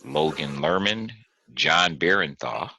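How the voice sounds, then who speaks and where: A man's voice: very deep voice, slow, creaky, poor audio. A man hosting a podcast, chatting casually and telling stories with animation and frequent laughter. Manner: animated storytelling, laughs often. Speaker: podcast host. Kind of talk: casual chat.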